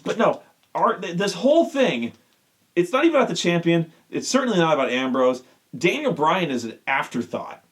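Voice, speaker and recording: A man's voice: a little high, big pitch swings, moderate pace. Exasperated swearing man ranting. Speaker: show host. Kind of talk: profane rant.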